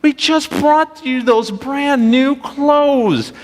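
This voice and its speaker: A shrill old farm grandmother scolds in slow, drawn-out exclamations, high and exasperated, as a preacher puts her on. Her voice rings with a long church reverb. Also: heavily acted. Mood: exasperated scolding.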